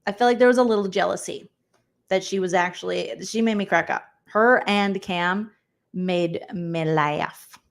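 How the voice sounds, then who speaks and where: A woman's voice: mid-range voice, moderate pace, creaky. A woman hosting a casual livestream recap, chatty and rambling, often acting out quotes. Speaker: host.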